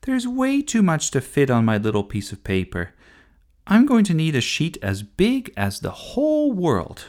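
A bossy little girl who is sure she knows everything, as a man puts her on. Her voice is raised well high and lively, swinging up and down as she lectures her little brother. It is a storybook read-aloud. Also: measured pace. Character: bossy know-it-all young girl.

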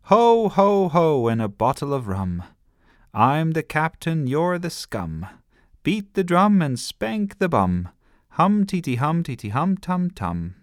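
A man voicing a bossy little girl who plays pirate captain, loud and sing-song. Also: medium pitch, big pitch swings, measured pace, dry recording, studio quality, voice pushed up. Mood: shouting gleefully.

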